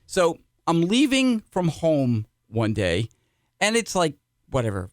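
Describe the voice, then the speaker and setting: A middle-aged man co-hosting a podcast, chatting casually and telling animated stories with sudden loud asides. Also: a little high, slow pace, no room sound, studio quality. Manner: animated storyteller, jumps into shouted asides. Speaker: podcast co-host. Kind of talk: casual chat.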